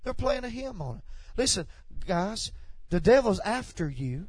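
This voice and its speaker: Pastor, male, high voice, dry close sound; preaches with fire, then drops to soft asides. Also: very animated, measured pace, hardly any pauses, husky, no echo. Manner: impassioned, swings between loud preaching and quiet asides. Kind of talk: sermon. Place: church sanctuary.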